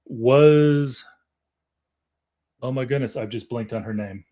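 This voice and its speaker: A man's voice: medium pitch, slow, mellow. A man hosting a casual interview, asking easygoing questions in a friendly way. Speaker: interviewer, host.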